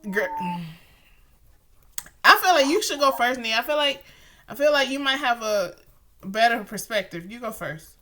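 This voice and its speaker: A woman co-hosts a casual podcast in a bright, fairly high voice. She talks in an animated, slangy way and teases her partner as she goes. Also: moderate pace, pauses often. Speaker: podcast co-host. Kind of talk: casual chat.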